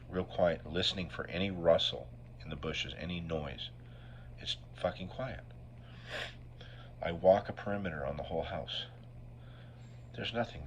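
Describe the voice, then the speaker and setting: A man's voice: low-pitched, fairly bright tone, highs cut off, a little hiss or hum. A middle-aged man telling an emotional personal story as a recovery speaker. He talks in a raw, profane way, keeps asking "right?", and sounds sniffly from allergies.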